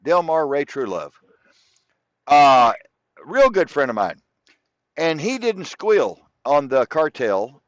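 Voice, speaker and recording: A man's voice: on the high side, very animated, slow pace, pauses often, no echo. A man speaking as an interview guest, telling long stories in a rambling, profane way and repeating himself. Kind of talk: casual storytelling interview. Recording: dull lo-fi dry sound.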